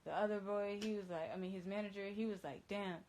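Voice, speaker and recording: A woman's voice: medium pitch, steady tone, fast, darkish tone, slight background noise, rough recording. Woman, DJ, phone livestream, casual storytelling, rambling, slangy, profane.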